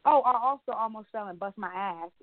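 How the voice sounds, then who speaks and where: A woman co-hosting a podcast, telling stories in casual chat, animated and laughing often. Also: medium pitch, brisk, no echo. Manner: chatty storyteller, animated retellings, frequent laughs. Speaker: podcast co-host. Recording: tinny phone-line sound.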